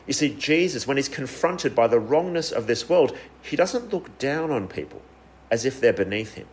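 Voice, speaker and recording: A man's voice: medium pitch, very animated, normal speed. A man preaching a sermon in an earnest tone, with frequent fillers and shifting emphasis.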